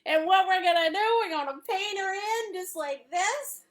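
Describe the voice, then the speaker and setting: A woman's voice: very high-pitched, normal speed. A woman teaching a live painting class in a playful, silly way, laughing often as she guides the steps. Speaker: art instructor.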